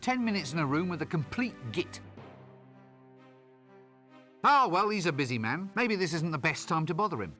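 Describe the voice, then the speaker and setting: A sarcastic cowardly wizard. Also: male voice, on the high side, sing-song, moderate pace, pauses often, bright, forceful tone, faint music behind. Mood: sardonic. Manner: nervous, sarcastic, put-upon. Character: cowardly sardonic male wizard. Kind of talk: game voice acting.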